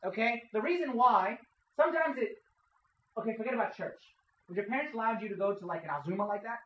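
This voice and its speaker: A man's voice: high-pitched, lively intonation, quick pace, dull audio, slight background noise. A man preaching a casual sermon to young people in a church hall, asking the audience questions and checking in with "okay?". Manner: conversational, quizzes the audience, keeps saying "okay?". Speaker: youth preacher.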